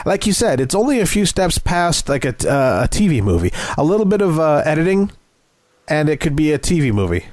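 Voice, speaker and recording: A man's voice: fairly high pitch, big pitch swings, brisk, darkish tone, no echo. A man co-hosting a film podcast, giving a dry, sarcastic wrap-up in casual chat. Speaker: podcast co-host.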